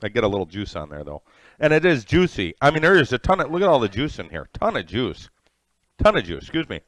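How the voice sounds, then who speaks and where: A man's voice: medium pitch, huge pitch swings, fast, a bit bright, no echo. A middle-aged man hosting a live cooking stream from his home kitchen, eating as he talks and greeting viewers by name. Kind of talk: casual live-stream chat while eating.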